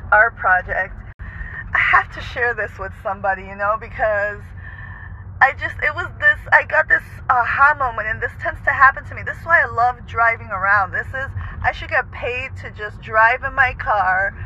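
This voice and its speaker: Bright high-voiced man in car. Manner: chatty, mixes Spanish words, swears freely. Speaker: artist vlogger. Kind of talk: casual monologue to camera. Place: in a car, driving. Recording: slightly muffled with faint road noise.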